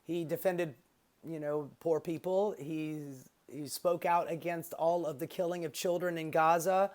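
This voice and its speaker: A woman with a somewhat low voice delivers a casual vlog rant. She is sarcastic and freely profane, and she rambles with fillers and asides. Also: fairly even intonation, a little slow, darkish tone. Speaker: political commentary vlogger. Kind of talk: casual ranting monologue.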